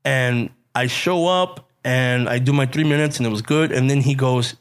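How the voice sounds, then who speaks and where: A male comedian telling stories in a casual chat, animated and laughing, swearing freely and dropping in Spanish slang. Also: medium pitch, moderate pace, hardly any pauses, smooth. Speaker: stand-up comedian, guest.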